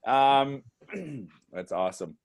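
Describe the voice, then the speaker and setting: A lively male host chats on a live video call, his pitch jumping all over the place. He is excitable and fills his talk with ums and restarts. His voice sits at an ordinary middle height. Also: slow pace. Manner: excitable, chatty, many fillers. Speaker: livestream host. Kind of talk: casual live video chat.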